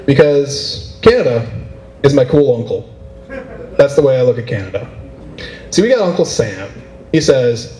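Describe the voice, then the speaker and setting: A male comedian doing stand-up at a convention, his voice swooping up and down as he delivers his jokes. He speeds up and slows down for effect, and the sound rings with the echo of a big room, recorded from out in the crowd. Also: medium pitch, slight background noise. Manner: animated, playful delivery with shifts of pace. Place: convention room before a live audience. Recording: roomy echo of a convention hall.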